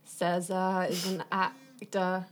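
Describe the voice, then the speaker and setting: A woman's voice: on the low side, completely flat delivery, takes it slowly. A young woman co-hosting a podcast in casual chat, giggly and teasing, asking curious questions. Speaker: podcast co-host.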